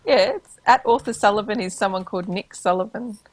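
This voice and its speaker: A woman co-hosting a podcast, chatting casually and teasing with quick jokes. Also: mid-range voice. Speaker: podcast co-host.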